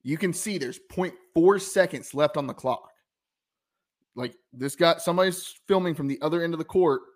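A man's voice: fairly high pitch, normal speed. A man with a Southern American accent, co-hosting a casual sports podcast and telling stories with many restarts. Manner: rambling, many restarts, animated storytelling. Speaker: podcast co-host.

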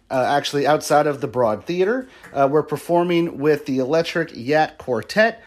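A man's voice: fairly high pitch, a little mellow. Man hosting a podcast, friendly and enthused. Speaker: podcast host. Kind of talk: casual conversational interview.

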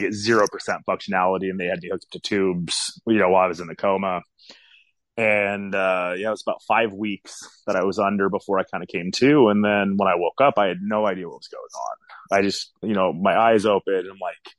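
A man's voice: on the low side, no echo. A man in his forties telling a personal story in a casual interview, candid and rambling, with many fillers. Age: 40s.

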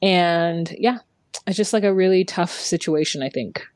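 A woman's voice: on the low side, moderate pace, a little mellow, no echo. Chatty opinionated woman, dry close sound. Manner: chatty, opinionated, heavy use of "like". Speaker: podcast co-host. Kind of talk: casual TV recap chat.

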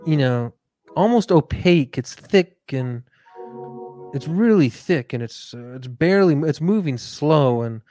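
A man hosting, telling an improvised comic story in a rambling, relaxed way with many fillers. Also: medium pitch, no room sound. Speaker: host.

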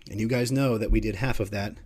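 Crude, joking middle-aged podcast host. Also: male voice, fairly low pitch, fairly even intonation, fast, darkish tone, slightly rough. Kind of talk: casual sports talk.

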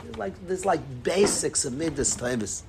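A man teaching a religious class in an impassioned, emphatic way, repeating his points and swinging between loud and hushed. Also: a little high, lively intonation, moderate pace, creaky, noisy background. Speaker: Torah teacher.

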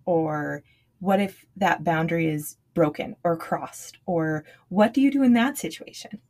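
A woman's voice: on the low side, measured pace, darkish tone. A woman co-hosting a podcast, talking in an earnest, reflective way and asking questions. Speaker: podcast co-host. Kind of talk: casual chat.

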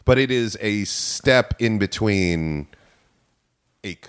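Deep-voiced man on a podcast with hesitant, stop-start delivery. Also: animated, clear, resonant tone. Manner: halting, hesitant, restarts sentences. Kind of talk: casual chat.

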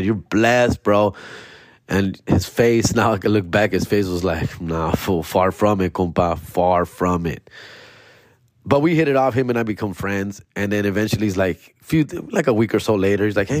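A man hosting a comedy podcast, telling a story in a loose, slangy way and peppering it with "fool" and "bro", with sudden jumps into a high, excited voice. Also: no room sound, studio quality. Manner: slangy, animated retelling, jumps to high excited voice when quoting himself. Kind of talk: casual storytelling.

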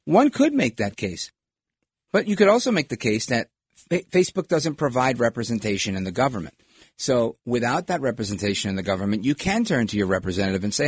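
A man's voice: mid-range voice, big pitch swings, fairly quick, breathy edge, no room sound, clean studio sound. A middle-aged man hosting a talk show, giving rambling, opinionated political commentary with lots of digressions.

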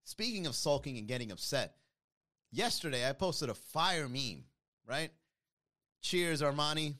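A man's voice: fairly high pitch, measured pace. A man hosting a podcast live stream, chatting casually with viewers and reading comments in a joking, mocking way. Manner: animated, joking, mocking with playful put-on voices.

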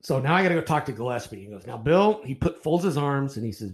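An older man, a retired baseball umpire, telling profane, animated stories in a casual podcast chat, often restarting his sentences. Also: medium pitch, fast talker. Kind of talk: casual storytelling in a podcast interview.

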